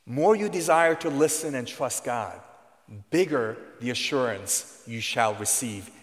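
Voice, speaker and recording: A man's voice: medium pitch, animated, unhurried. A man preaching a sermon in an earnest teaching tone, leaning hard on key words. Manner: earnest teaching tone with emphatic stresses. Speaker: pastor. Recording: long hall reverb.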